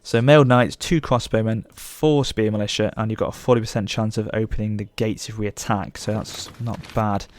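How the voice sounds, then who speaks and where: A young man commenting on his strategy game as a let's play host, gushing with excitement. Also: fairly low pitch, fairly quick, hardly any pauses, no room sound. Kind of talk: gameplay commentary.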